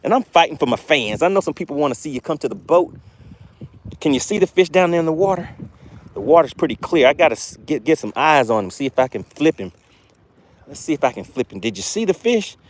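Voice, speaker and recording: An excitable man hosting a live fishing stream from a boat on a windy lake, talking to his viewers and repeating his phrases. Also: on the high side, fast talker.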